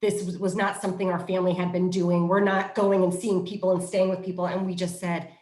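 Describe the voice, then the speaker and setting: A middle-aged woman, a positive discipline trainer, giving casual parenting advice in an animated way. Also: fairly low pitch, fairly quick. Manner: animated storyteller who acts out quoted voices. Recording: roomy echo.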